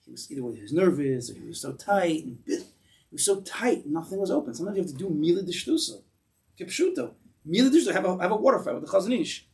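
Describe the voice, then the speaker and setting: A man's voice: fast talker, distant mic. A man giving an informal Torah class in a synagogue, telling stories animatedly with many restarts and asides. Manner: animated storyteller, acts out voices with big pitch jumps. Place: synagogue hall.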